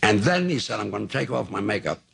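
Gravelly dry-voiced man in his nineties. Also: on the low side, quick pace. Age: 90s. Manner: dry, deadpan storyteller with gravelly voice. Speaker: talk show guest. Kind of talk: anecdotal storytelling. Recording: noisy old TV broadcast tape.

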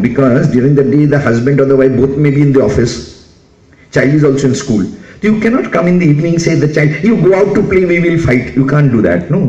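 Older Indian man, lively, roomy hall. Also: mid-range voice. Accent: Indian English. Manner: animated, humorous, questions the audience. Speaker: speaker addressing parents. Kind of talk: motivational talk. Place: school hall. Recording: echoey hall, dull lo-fi sound.

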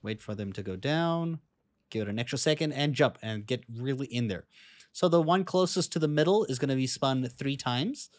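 A young man with a slight foreign accent giving a relaxed, chatty step-by-step game walkthrough voice-over. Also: mid-range voice, moderate pace, no echo. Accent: non-native English accent. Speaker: gaming guide creator.

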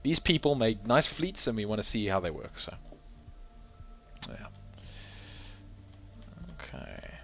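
A man hosting a game tournament stream, tired and with a sore throat, chatting in a relaxed, chuckling, rambling way. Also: fairly low pitch, takes it slowly, vocal fry, pauses often, a little hiss or hum. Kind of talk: casual live game commentary. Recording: dull lo-fi stream audio with game music. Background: faint game music.

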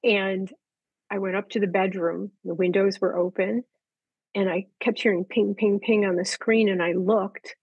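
Husky older woman telling stories. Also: medium pitch, moderate pace, no room sound, highs cut off. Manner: animated storyteller acting out quoted voices. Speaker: animal communicator guest. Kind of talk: casual storytelling chat.

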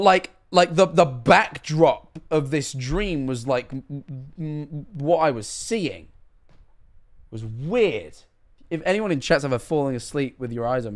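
A young British man reacting on a live stream, excitable and quick to swear. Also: fairly high pitch.

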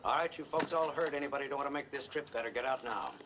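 An actor playing a gruff, commanding frontier marshal. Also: male voice, medium pitch, fast, natural voice. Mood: stern. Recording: film soundtrack with background noise.

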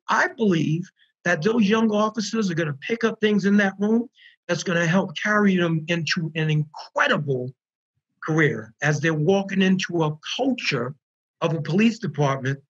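A man with a high, husky voice tells his stories with earnest energy, doubling back on words to land them. The call audio is muffled and lo-fi. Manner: earnest, animated storyteller who repeats words for emphasis. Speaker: founder of a prisoner reentry program. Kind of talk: storytelling in an online panel interview.

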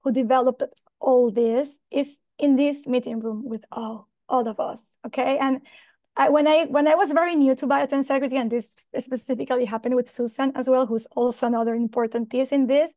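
Woman, high voice, dry close sound, video call, emotional, apologetic. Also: fairly even intonation, moderate pace, warm tone, no echo. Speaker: presenter. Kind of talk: online conference talk.

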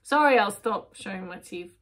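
A woman's voice: medium pitch, expressive, normal speed, fairly bright tone. A woman giving a casual tarot reading to camera, talking straight to the viewer and asking and answering her own questions. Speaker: tarot reader.

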